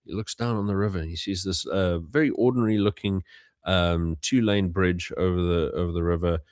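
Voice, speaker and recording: A man's voice: low voice, steady tone, fairly quick, darkish tone, no echo, clean studio sound. A young man from South Africa, hosting a casual livestream and telling stories with many fillers and restarts. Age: young adult. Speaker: host.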